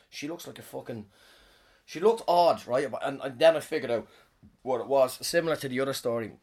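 A man's voice: medium pitch, slightly rough. Guy doing comedy, rambling through a story, swears constantly, keeps trailing off. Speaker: comedian and podcast host. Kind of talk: casual storytelling.

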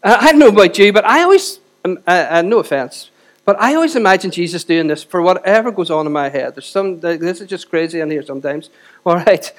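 A middle-aged man preaching a sermon and leading prayer, animated, with joking asides and rising emphasis. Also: sits high, a little fast. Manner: animated, self-deprecating asides, builds to forceful emphasis. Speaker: pastor.

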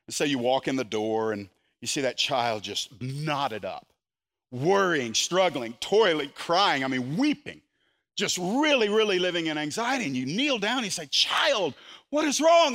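An older man preaching a sermon as a pastor, animated, voicing quotes with sudden loud jumps. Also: fairly high pitch.

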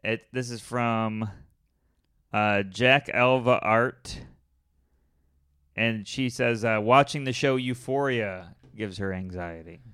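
A man's voice: lowish voice, slow pace, a bit bright, clean tone. A man co-hosting a casual podcast, giving practical advice and teasing his co-host. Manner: offers practical tips, teasing asides. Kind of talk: casual chat.

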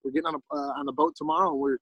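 A man's voice: high-pitched, sing-song, very fast, creaky, sharp tone, breathy edge, no room sound, low-quality recording. A man casually telling a long story as a podcast guest, rambling with lots of fillers and restarts.

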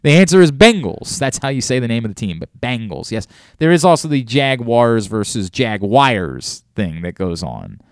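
A man's voice: medium pitch, sing-song, normal speed, no room sound, studio quality. A man hosting a sports talk show, ranting animatedly about mispronounced names with mock outrage. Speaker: sports radio host.

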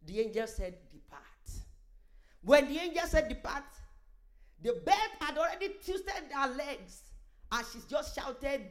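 A woman preacher retelling a testimony in an emphatic, exclaiming sermon style. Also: high-pitched. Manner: animated, emphatic, with exclamations and asides.

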